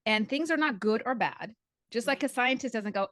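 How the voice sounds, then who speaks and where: A woman guest and coach in a podcast interview, telling stories and acting out her own past thoughts in quick little voices. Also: a little high, no room sound. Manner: animated storyteller who acts out her own past thoughts.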